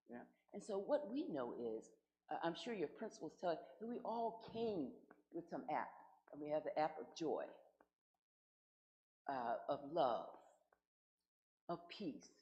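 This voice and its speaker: Low-voiced woman minister, lively preaching. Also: low-quality recording. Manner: warm conversational preaching with rhetorical questions. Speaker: guest minister. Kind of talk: sermon.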